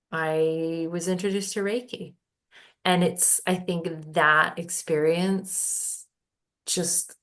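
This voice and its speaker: A woman talks through a personal story at a slow, measured pace. Her fairly low voice has a gravelly edge. She pauses, restarts and fills gaps with "um" as she goes. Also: fairly bright tone. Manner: unhurried, halting storyteller with many fillers and restarts. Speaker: guest, holistic healing practitioner. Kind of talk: casual podcast conversation, storytelling.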